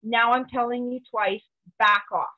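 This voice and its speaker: A woman's voice: fairly high pitch, steady tone, unhurried, pushed and bright. A woman voicing a stern mother dog who firmly scolds her puppy, heard over tinny phone-like audio. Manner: firm, scolding.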